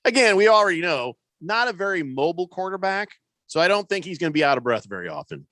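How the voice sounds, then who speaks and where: A man's voice: high-pitched, sing-song, quick pace, a bit bright, no echo. A man hosting a sports radio show in casual, rambling talk full of fillers and teasing asides.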